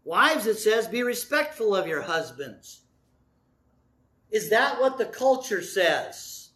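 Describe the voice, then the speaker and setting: High, bright-voiced preacher man. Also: sing-song, slow pace. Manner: dramatic storytelling, acting out voices, shifting from loud to soft. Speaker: pastor. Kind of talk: sermon.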